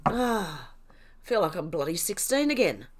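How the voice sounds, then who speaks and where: A woman's voice: on the low side, very animated, a little slow. An older woman hosting a casual livestream, reading chat comments while laughing helplessly to the point of tears. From Australia. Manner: laughing helplessly, snorting, breathless giggles. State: tearful from laughing. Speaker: livestream host.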